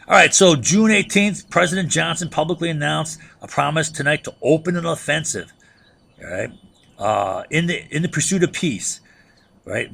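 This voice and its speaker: A man's voice: fairly high pitch, creaky, a bit bright, breathy edge. A man teaching a history lesson in a loose, conversational way. He keeps checking in with a rhetorical "right?" and often restarts or repeats words as he thinks aloud. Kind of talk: conversational lecture.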